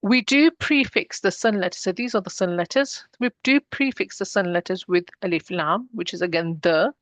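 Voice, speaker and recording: Patient woman teacher, mid pitch, dry close sound, models pronunciation slowly. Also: a bit bright, no room sound. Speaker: Arabic teacher. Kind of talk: explanatory language lesson.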